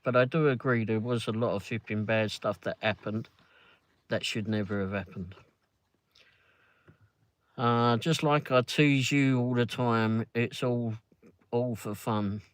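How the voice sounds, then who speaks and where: Brief: London man, casual car chat, rambles and curses, mid pitch, very dry sound. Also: unhurried, long pauses, dry recording. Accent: London English. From England. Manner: rambling, swears freely, frequent fillers and restarts. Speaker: co-host of a live ride-along stream.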